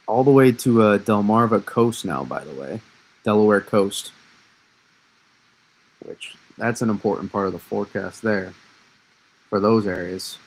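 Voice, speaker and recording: A man with a fairly low voice discusses a snowstorm forecast on a live stream, speaking a little slowly and pausing often over poor audio. He's chatty and rambling, restarts his thoughts, and responds to viewers' questions as they arrive.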